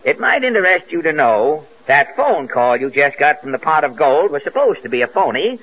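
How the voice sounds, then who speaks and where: A man's voice: a little high, sing-song, moderate pace, breathy edge. A man hosting a 1940s radio comedy, dry and wisecracking, with mock-stern scolding, on a lo-fi old broadcast recording. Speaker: comedy show host.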